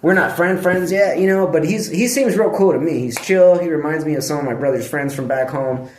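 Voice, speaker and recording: A man talks straight to camera in a loose, digressive monologue, full of slang and swearing. His voice sits a little high for a man. The sound bounces around a bare, echoey room. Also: fairly quick, a little hiss or hum. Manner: profane, slangy, digressive, breaks off to scold his dog. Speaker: vlogger. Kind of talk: rambling casual monologue.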